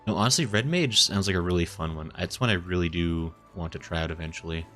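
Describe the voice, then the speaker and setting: A man's voice: deep voice, quick pace, fairly bright tone, soft background music. A man streaming a video game, chatting casually and reading viewer comments aloud with an easy, chuckling manner.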